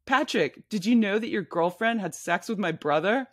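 A woman's voice: medium pitch, animated, moderate pace, no room sound, clean studio sound, pitched above the performer's own voice, lightly acted. A woman reading her memoir aloud, voicing a brash, blunt woman friend who bosses people around at a bar. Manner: pushy, blunt, bossy.

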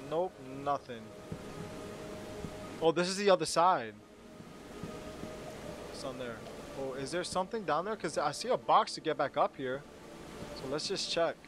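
Excitable man commentating a game. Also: a little high, measured pace, long pauses, noisy background. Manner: jumpy, excitable, talks to himself. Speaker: gaming channel host. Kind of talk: let's play commentary. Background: game music.

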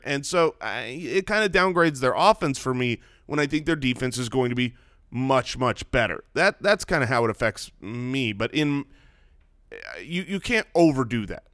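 A man co-hosting a sports podcast in casual chat, talking in an animated, emphatic way. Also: on the high side, dry recording, clean studio sound. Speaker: podcast co-host.

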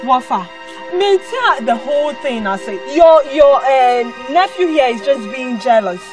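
A defiant woman, high and very expressive. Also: unhurried, music in the background. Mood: explaining. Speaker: actor in a film drama. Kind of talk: film drama dialogue.

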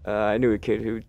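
A man with a gravelly, creaky voice narrates his playthrough at a desk mic. He cracks sarcastic jokes and answers the game's characters as if they could hear him. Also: on the low side, a little mellow. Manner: joking, sarcastic, talks back to game characters. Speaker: let's play host. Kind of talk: gameplay commentary.

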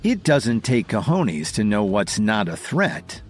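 A man's voice: medium pitch, big pitch swings, unhurried, darkish tone, husky, soft background music, pitched above the performer's own voice. A male narrator voicing a fearless young husband who answers threats coldly and evenly in an audio story. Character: calm, fearless young husband, cold and defiant.

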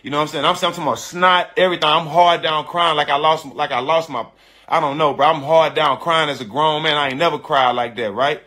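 A man casually telling a personal story to an online audience, animated and emphatic, repeating phrases and calling his listeners "dog" and "bro.". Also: a little high, fairly quick. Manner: frank and confessional, with slangy speech.

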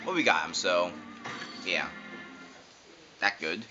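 A man's voice: sits low, very animated, slow pace. A man giving casual, jokey let's-play commentary, talking back to the game characters as he plays. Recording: dull lo-fi sound with loud game music.

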